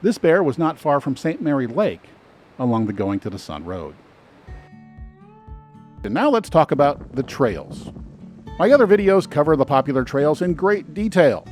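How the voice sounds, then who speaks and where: Lively, higher-voiced man narrating travel tips. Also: moderate pace, pauses often, faint music behind. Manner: earnest, advisory. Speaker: travel video host. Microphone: voice-over.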